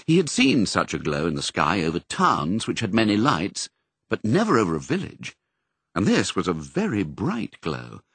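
A man narrating a children's storybook, expressive and varied. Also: low voice, normal speed, slightly rough, no echo. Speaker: audiobook narrator.

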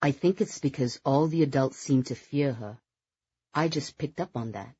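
A narrator voicing a young man confiding a childhood fear in a low-key way. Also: normal speed, darkish tone, slightly rough, dry recording, highs cut off, lightly acted.

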